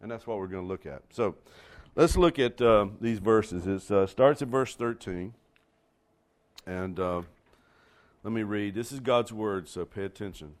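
Low-voiced preacher with sweeping emphasis. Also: male voice, a little slow. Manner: storytelling preacher with sweeping pitch rises. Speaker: pastor. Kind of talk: sermon.

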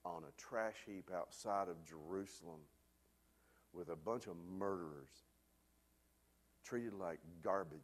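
A man preaching a sermon, telling a lively personal story before turning to a quieter, earnest point. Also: deep voice. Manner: animated storyteller, loud hollering peaks. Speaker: pastor.

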